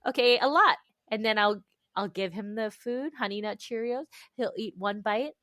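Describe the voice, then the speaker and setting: Animated woman telling stories, dry sound. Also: medium pitch, normal speed, dry recording. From United States. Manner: animated storytelling, acts out her own inner voice, laughs often. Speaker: guest author. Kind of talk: candid conversational interview.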